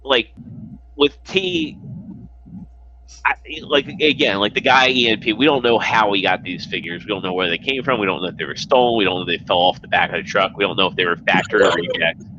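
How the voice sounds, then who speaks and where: A man's voice: fairly low pitch, brisk, dull audio, background noise. A man chatting casually as a guest on a livestream, rambling and swearing, full of fillers. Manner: rambling, profane, filler-heavy.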